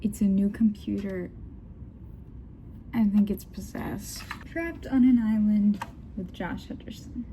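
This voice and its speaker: Young woman vlogger, giggly reader, unhurried and faint background noise. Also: mid-range voice, dark tone. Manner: giggly, joking asides. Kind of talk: casual reading of fanfic aloud.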